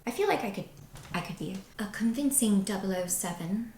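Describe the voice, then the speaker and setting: A woman's voice: mid-range voice, animated, a little fast, a little mellow, soft background music. A young woman hosting her vlog, reading viewer comments aloud and answering them in a bubbly, playful way. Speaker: vlog host responding to comments. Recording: echoey room.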